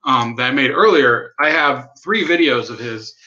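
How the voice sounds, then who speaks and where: A man's voice: medium pitch, lively intonation, moderate pace, bright, forceful tone, muffled recording. A man hosting a political livestream, rambling and sardonic, swearing and reading out chat messages. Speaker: livestream host. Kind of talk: casual political livestream commentary.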